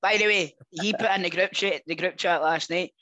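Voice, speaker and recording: Bright, high Scottish man cracking jokes. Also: steady tone, normal speed. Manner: crude, laughing wisecracks. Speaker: podcast co-host. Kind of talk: casual football chat.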